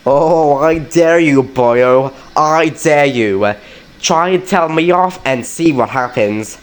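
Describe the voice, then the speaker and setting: A man's voice: a little high, takes it slowly. A man voicing a stern, lecturing male engine. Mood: scolding. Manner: lecturing, sneering.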